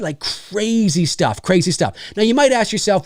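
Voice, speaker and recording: A man co-hosting a podcast, talking casually and swearing freely as he pitches a story idea. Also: a little fast, few pauses, dry recording, clean studio sound. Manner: profane, animated storytelling with many fillers. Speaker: podcast co-host.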